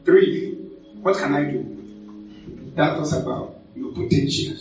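A man's voice: a little high, unhurried, darkish tone, faint music behind. A man with a Ghanaian accent, a pastor preaching a sermon with call-and-response and frequent switches between languages. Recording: echoey hall from far off, dull lo-fi.

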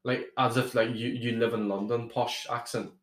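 A man's voice: mid-range voice, little pitch movement, moderate pace, fairly bright tone, reverberant. A young man from Ireland, a podcast guest telling travel stories in a rambling, casual way with lots of restarts. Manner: rambling, with many restarts and swearing. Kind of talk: casual storytelling chat.

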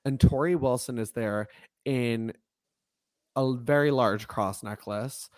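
A man's voice: mid-range voice, slow pace. A man co-hosting a podcast, recapping episodes in casual chat with lots of laughter and fillers. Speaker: podcast co-host.

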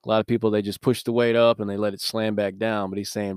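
A man with a low, smooth voice hosts a devotional podcast. He talks in a conversational, earnest way with easy laughs. He is recorded close and dry. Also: level tone, quick pace, few pauses, a little mellow, no room sound. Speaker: podcast host.

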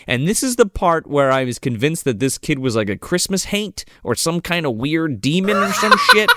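Man, slightly high voice, very lively pitch, dry close sound, profane comedic movie recap. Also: normal speed, hardly any pauses, no echo. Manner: profane, animated storytelling with voices.

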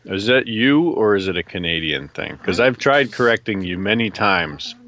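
Blunt low-voiced man on lo-fi call audio. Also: lively intonation, normal speed, sharp tone. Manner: blunt, teasing, talks while chewing. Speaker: podcast co-host. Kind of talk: casual podcast banter. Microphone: remote call mic.

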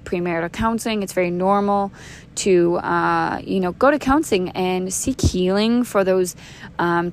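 A woman's voice: on the low side, a little hiss or hum. A woman in her thirties hosting a podcast, telling her own faith testimony in an earnest, conversational way, with frequent restarts and fillers. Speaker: podcast host.

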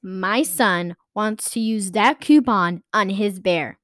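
Woman putting on a shrill entitled mom. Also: slow, fairly bright tone, no echo, studio quality. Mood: indignant. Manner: screams and demands the manager. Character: angry demanding mother, entitled and shrill.

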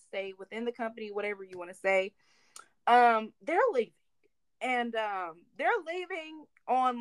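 Young woman, podcast co-host, casual slangy storytelling, higher voice, dry close sound. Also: clear, resonant tone, no echo. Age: 20s. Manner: animated, slangy, breaks into voices for quotes.

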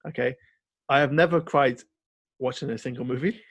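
A man co-hosting a podcast, chatting casually and rambling through an animated story with lots of fillers. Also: mid-range voice, normal speed, breathy edge, no room sound, muffled recording. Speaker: podcast co-host. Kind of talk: casual film chat.

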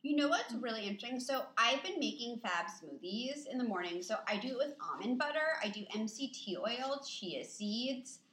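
A woman's voice: fairly high pitch, animated, moderate pace, hardly any pauses, fairly bright tone. A young woman co-hosting a podcast, chatting casually and poking fun at herself. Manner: chatty, self-deprecating, laughs often. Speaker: podcast co-host. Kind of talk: casual chat. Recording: echoey room.

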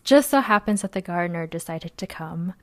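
A woman's voice: lowish voice, lively intonation, brisk, no echo. A young woman co-hosting a podcast, telling a rambling story in casual chat, full of "like"s and laughter. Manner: chatty, rambling, many "like"s, laughs often. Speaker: podcast co-host.

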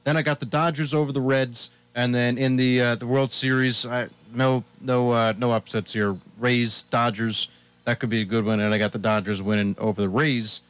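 A man on a sports radio show, talking in an easygoing, chatty way. His voice sits at an ordinary middle pitch. He rattles through his picks one after another. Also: flat delivery, normal speed, fairly bright tone, clean tone, no room sound. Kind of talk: casual sports talk radio.

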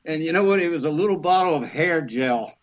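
A man tells stories on a podcast with a fairly high voice, acting out other people's lines as he goes and laughing along. The sound is dull and lo-fi. It is easy, casual guest talk. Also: normal speed. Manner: lively storyteller who acts out others' lines in raised voices; laughs through his stories. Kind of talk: casual anecdote-telling.

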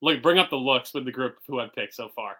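A man's voice: mid-range voice, expressive, a little fast, sharp tone. A man co-hosting a podcast, chatting in an easygoing, laid-back way. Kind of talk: casual chat.

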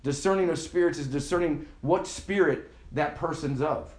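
A male pastor preaching in a relaxed, chatty manner, calling on the listeners to say key words back to him. His voice sits a little high for a man. The recording has an echoey, roomy sound. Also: normal speed. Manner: conversational preaching, has the congregation repeat words. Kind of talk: sermon. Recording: echoey room.

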